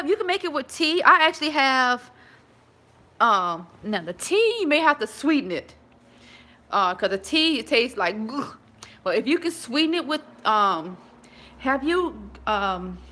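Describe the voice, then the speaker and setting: A woman's voice: high-pitched, pushed and bright. A woman chatting casually with live viewers from her home, rambling with many restarts. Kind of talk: casual live-stream chat.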